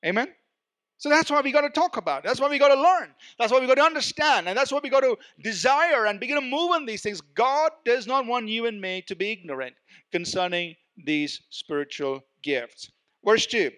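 Male preacher, high-pitched and bright, dynamic verse-by-verse sermon delivery with call-outs to the congregation. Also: lively intonation, a little fast.

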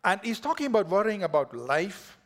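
Male pastor, slightly higher voice, dynamic sermon delivery dropping to whispers. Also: sing-song, a little fast. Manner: preaching with dynamic swings from loud to whispered.

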